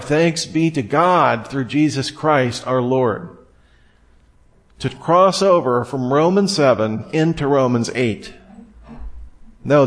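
A man with a medium-pitched voice gives expository Bible teaching, walking through a passage step by step. He reads scripture aloud in a measured manner.

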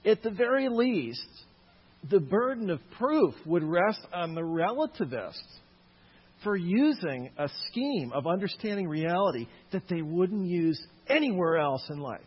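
A man's voice: sits high, sing-song, a little slow, slightly rough. A man lecturing a live audience on Christian apologetics, with jokey asides to the crowd. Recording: echoey hall, dull lo-fi sound.

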